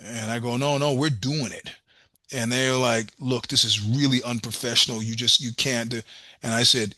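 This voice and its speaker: A man's voice: medium pitch, fairly even intonation, moderate pace, sharp tone, no echo. A middle-aged man telling blunt, profane road stories in a casual interview, acting out both sides of each exchange. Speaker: podcast guest, musician.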